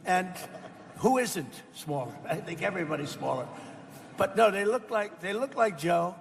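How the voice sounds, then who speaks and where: A man's voice: high voice, expressive, moderate pace, gravelly, big-room sound, a little hiss or hum. An older American man speaking off the cuff at a roundtable, rambling and boastful, repeating his phrases. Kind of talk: off-the-cuff speech. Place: indoor event hall.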